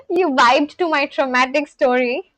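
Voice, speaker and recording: Chatty high-voiced woman streamer. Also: fairly bright tone, dry recording. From India. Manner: chatty, reads and answers chat aloud, laughs often. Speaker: livestream host. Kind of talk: casual livestream chat.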